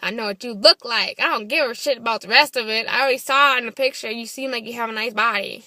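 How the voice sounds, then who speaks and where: A woman's voice: fairly high pitch, fast talker, bright, forceful tone, dry recording. A young woman telling a story to camera in a casual vlog, blunt and swearing freely, acting out the texts in quoted voices. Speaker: vlogger.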